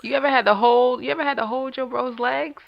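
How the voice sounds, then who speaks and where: A woman's voice: sits high, steady tone, fast talker, vocal fry, dull audio, crowd noise. A woman co-hosting a podcast in casual chat, laughing often while she recounts childhood memories. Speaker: podcast co-host.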